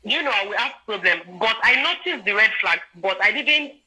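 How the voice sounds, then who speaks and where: A woman's voice: medium pitch, moderate pace, poor audio. A woman in her twenties with a Nigerian accent, telling a personal story in a casual chat and often checking that her listeners follow. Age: 20s. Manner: animated, often checks in with "do you understand?". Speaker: guest sharing a personal story.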